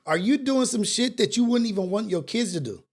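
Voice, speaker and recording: A man's voice: high-pitched, expressive, brisk. A man hosting a talk show, delivering a preachy monologue with street slang and repeated rhetorical questions. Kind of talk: impassioned monologue.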